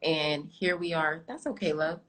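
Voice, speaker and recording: A woman's voice: sits low, normal speed, a bit bright, rough recording. A woman in her twenties, an astrologer talking openly and confidingly to her live-stream viewers, calling them "y'all". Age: 20s.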